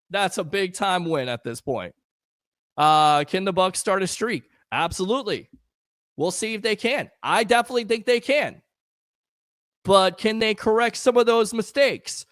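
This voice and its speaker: Man, high-pitched, emotional, rambling, hypes his viewers, live sports stream host, dry sound. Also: fairly bright tone, no echo. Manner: promotional, hyping the audience. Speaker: sports talk show host.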